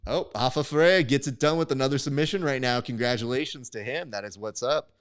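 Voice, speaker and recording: A man with a smooth, clear voice at a mid pitch, hosting a live stream into a desk mic. He calls results and reads chat in a loose, profane, joking way. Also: quick pace. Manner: casual, profane, bantering with chat. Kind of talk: live sports commentary and chat reading.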